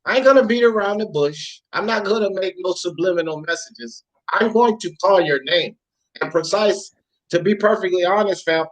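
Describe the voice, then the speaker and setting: A man's voice: on the high side, fairly bright tone, poor audio. Defiant, plain-spoken male panelist. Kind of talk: casual podcast chat.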